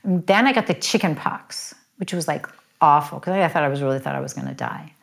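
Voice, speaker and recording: A middle-aged woman telling her life story as an interview guest, chatty and quick, with lots of "like" fillers. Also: deep voice, expressive, vocal fry. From United States. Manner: chatty, fast, full of "like" fillers. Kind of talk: candid personal storytelling.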